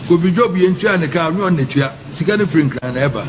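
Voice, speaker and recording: A man making a formal, pleading public appeal to chiefs at a gathering, with halting restarts. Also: fairly high pitch, lively intonation, crowd noise. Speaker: speaker addressing chiefs at a public forum. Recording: noisy ambience behind the voice.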